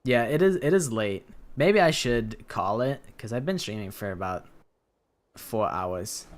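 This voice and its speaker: A man's voice: mid-range voice, animated, measured pace. Tired rambling male streamer. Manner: rambling, hesitant, trails off. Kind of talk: casual gameplay chat. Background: game music.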